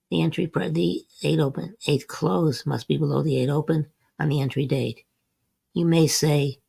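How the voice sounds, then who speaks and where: A man with a somewhat high, creaky, husky and slightly mellow voice hosts a trading lesson with no echo. In this scripted market lesson over a chart screen, he methodically walks through chart examples and repeats short refrains.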